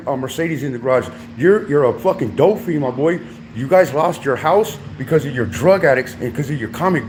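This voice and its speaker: A man's voice: a little high, a little hiss or hum. A man in a heated livestream rant from home, confrontational, repeatedly calling the listener dog and my boy.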